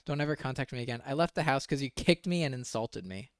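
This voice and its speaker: A man streaming casual commentary, working through screenshots of messages. He reads the texts in a flat, quiet mumble, then breaks out in profane disbelief. His voice sits at a middle pitch, recorded close and dry with no room sound. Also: fast talker, clean tone, dry recording.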